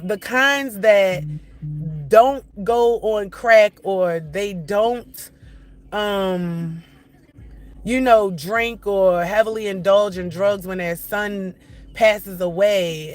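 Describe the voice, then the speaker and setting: A middle-aged woman venting to her livestream chat in a loose, casual way. She rants heatedly, swears freely and circles back over the same points. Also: medium pitch. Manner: heated, profane, repetitive ranting. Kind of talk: casual live-stream venting.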